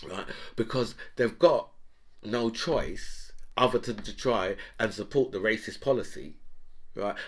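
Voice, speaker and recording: A man's voice: lowish voice, lively intonation, a little slow. A middle-aged man, ranting sarcastically about politics in casual talk, with mocking laughing asides. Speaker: political commentary host.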